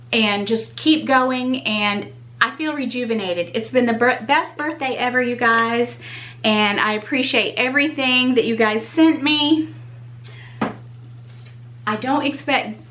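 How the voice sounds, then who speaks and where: A woman's voice: on the high side, sharp tone, poor audio. A woman hosting a casual unboxing vlog, gushing and exclaiming in delight as she talks straight to her viewers. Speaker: YouTube channel host.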